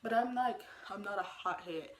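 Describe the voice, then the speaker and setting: A woman's voice: mid-range voice, moderate pace, slight background noise. A young woman telling a story in a casual vlog, talking animatedly with lots of fillers and acted-out quotes. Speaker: vlogger.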